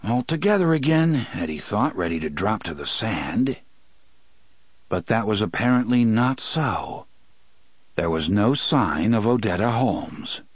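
A man narrating an audiobook in a measured, steady reading, close to the mic. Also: lowish voice, slightly rough, no room sound. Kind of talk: scripted narration.

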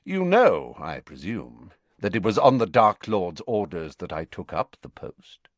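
Reader as a cold, unhurried wizard, low-voiced, dry delivery, bored calm. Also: male voice, dry recording. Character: cold, composed male wizard spy.

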